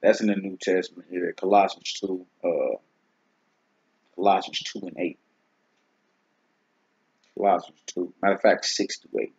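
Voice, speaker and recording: A man's voice: low voice, steady tone, normal speed, long pauses, a little mellow, breathy edge. A man hosting a casual Bible teaching talk, speaking in a laid-back, conversational way and often checking "you see what I'm saying?". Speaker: host teaching scripture. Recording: dull lo-fi recording.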